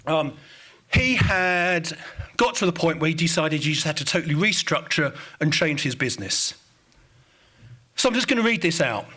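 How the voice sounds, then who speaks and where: High-voiced man with an Estuary English accent. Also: expressive, normal speed, pushed and bright. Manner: informal, addresses audience directly. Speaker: conference speaker presenting research. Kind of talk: conference presentation.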